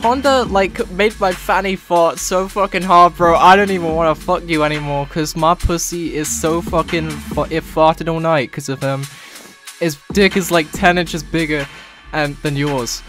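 A man's voice: fairly high pitch, steady tone, moderate pace, a bit bright, soft background music, natural voice. A man doing a crude lad. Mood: swaggering. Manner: crude, boastful, slangy. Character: crude, swaggering young London lad. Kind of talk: parody fan dub.

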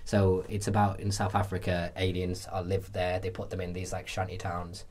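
A man's voice: low-pitched, completely flat delivery, normal speed, a little mellow. A man hosting a film podcast, explaining his ideas in a rambling, self-deprecating way. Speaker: podcast host. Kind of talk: casual film chat.

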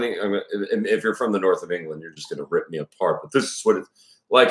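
Low-voiced guy rambling at home, lots of ums, echoey room. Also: normal speed, fairly bright tone. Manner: rambling, many restarts and fillers, self-deprecating. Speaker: reader giving commentary. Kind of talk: casual rambling commentary.

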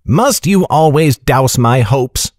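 A man's voice: mid-range voice, lively intonation, slow pace, darkish tone, no echo, studio quality. A man voicing a cheeky young man who teases and sulks. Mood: teasing, sulky. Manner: teasing and huffy.

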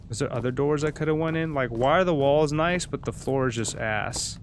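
A man giving excitable, jokey let's-play commentary as a gaming streamer. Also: mid-range voice, a little fast, hardly any pauses, a little hiss or hum.

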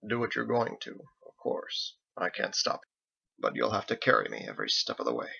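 A man voicing a lazy, drunken sea captain who speaks in a slow, low, weary drawl, in a dull lo-fi recording. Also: very animated, creaky, sharp tone, husky, full character voice. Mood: resigned.

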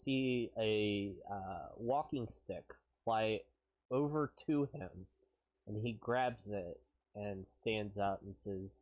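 A man in a fairly low voice runs a tabletop game at an unhurried crawl, stopping often on fillers and swearing casually. The sound is dull and lo-fi, like a home stream mic. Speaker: game master.

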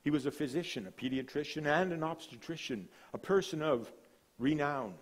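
Man preaching with dramatic hushes. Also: on the high side, moderate pace. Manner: dramatic preaching with sudden drops to a hush; storytelling, relaxed asides. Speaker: guest speaker, missionary. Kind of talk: sermon.

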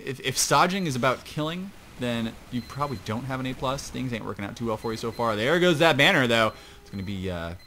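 A man's voice: medium pitch, fairly bright tone, slight background noise. A man giving casual play-by-play commentary on an online match from his home computer, chatty and rambling, with self-mocking asides. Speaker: esports shoutcaster.

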